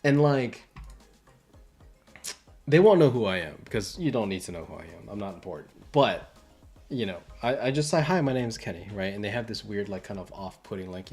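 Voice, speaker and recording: A man's voice: medium pitch, expressive, moderate pace, a little mellow. A young adult man talking casually on a livestream, rambling with many fillers and restarts. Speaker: livestream host and entertainment designer.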